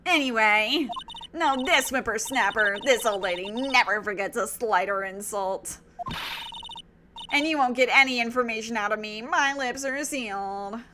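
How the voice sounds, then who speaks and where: A woman's voice: on the high side, moderate pace, background noise, lightly acted. A woman voicing a cantankerous elderly female security guard who scolds and holds grudges, reading game dialogue aloud. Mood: spiteful. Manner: scolding, prickly.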